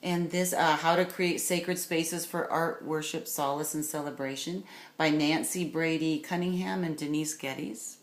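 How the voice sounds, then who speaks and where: A woman's voice: deep voice, steady tone, unhurried. A woman giving a recorded course lecture, talking in a rambling, enthusiastic way with many fillers and restarts. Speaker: course instructor. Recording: echoey room with faint noise.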